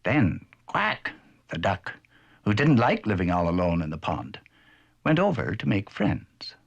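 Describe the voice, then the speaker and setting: Male narrator, children's cartoon: expressive, wide pitch, a touch husky. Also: measured pace, highs cut off. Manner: animated and expressive, gentle storyteller.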